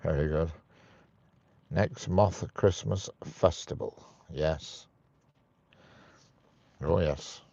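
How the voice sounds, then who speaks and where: A very deep-voiced man hosts a live stream, bantering with his viewers and reading out their comments. His voice is gravelly. It is recorded close and dry, with a slightly muffled tone. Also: extremely slow, long pauses, warm tone, no echo. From United Kingdom. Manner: chatty, jokey, laughs at his own jokes.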